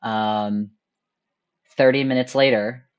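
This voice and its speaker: A young woman hosting a charity stream, telling a story in casual chat, animated and laughing often as she acts out her own thoughts. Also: rumbling low, takes it slowly, clear, resonant tone, dull audio.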